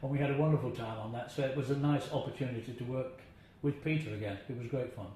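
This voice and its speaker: In a warm, medium-pitched voice and at a fast clip, an older man being interviewed recalls his acting years through chatty anecdotes. He laughs softly and now and then mimics voices, in a very echoey room with light hiss.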